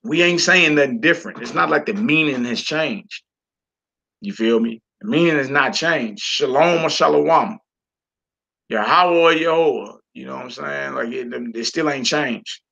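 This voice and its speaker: A man's voice: mid-range voice, moderate pace, vocal fry, sharp tone. A man teaching a class from a Hebrew textbook, reading passages aloud and explaining them with casual, folksy asides to the listeners.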